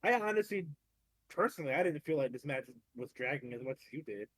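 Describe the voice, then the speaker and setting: A man's voice: on the high side, lively intonation, fast talker, dry recording. A man co-hosting a podcast, giving laid-back opinions on a wrestling match with lots of hedging and some swearing. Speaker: podcast co-host. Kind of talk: casual chat recapping wrestling.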